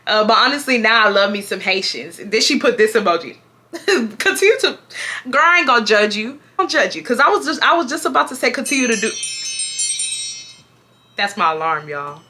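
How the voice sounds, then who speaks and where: A young woman from Houston with a bright, crisp voice reads a viewer's story to her vlog audience. She stays animated and playful, breaking off to tease and joke between passages. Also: mid-range voice, fast talker, few pauses, a little hiss or hum. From Houston, Texas. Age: 20s. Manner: animated and playful, laughing and joking between parts. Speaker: YouTuber.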